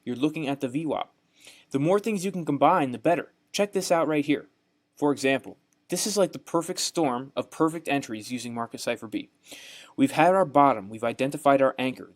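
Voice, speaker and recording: Young man, southern accent, course instructor, folksy, repetitive, mid-pitched voice. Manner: repetitive, folksy, says "right?" often. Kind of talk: screen-share tutorial narration.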